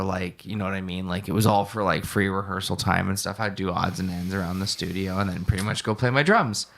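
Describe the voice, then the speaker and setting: A man's voice: lowish voice, bright, forceful tone. A young man co-hosting a casual podcast chat, telling stories with lots of fillers and restarts. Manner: rambling storyteller, many fillers. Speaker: podcast co-host.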